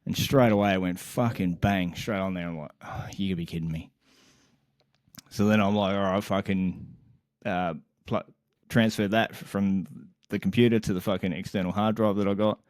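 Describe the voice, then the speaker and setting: Man, young adult, low voice, dry sound, animated, exasperated, heavy swearing, casual podcast storytelling. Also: normal speed, dry recording. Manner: animated, exasperated, swears constantly, laughs mid-sentence. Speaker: podcast co-host.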